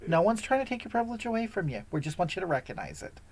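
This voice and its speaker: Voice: medium pitch, sing-song, very fast, darkish tone, slight background noise. A performer voicing a sanctimonious, self-righteous woman who hosts a livestream and lectures her viewers, sighing heavily between scoldings. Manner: preachy, lecturing, scolding, with heavy sighs. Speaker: livestream host answering viewer comments. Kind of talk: satirical character livestream.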